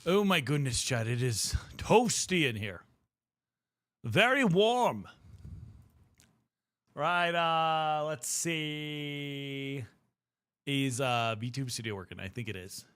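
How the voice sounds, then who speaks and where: Lively bright-voiced young man streaming. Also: fairly high pitch, slow pace, long pauses, dry recording. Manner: playful, chatty, talks to chat. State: mildly out of breath. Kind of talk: casual livestream chat.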